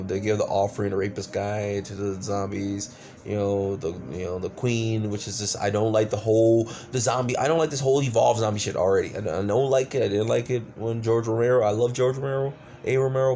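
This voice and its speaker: A man's voice: lowish voice, fairly even intonation, a little fast, dark tone, faint music behind. A man giving a casual, exasperated movie review, swearing often and stumbling over fillers. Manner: exasperated, profane ranting with many fillers.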